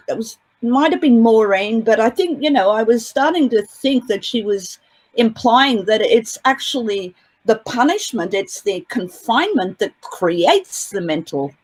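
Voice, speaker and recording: A woman's voice: a little high, rough recording. A woman observing a trial who talks in long, rambling sentences full of restarts, speaking at an outdoor vigil. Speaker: trial observer giving an interview. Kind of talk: casual spoken commentary.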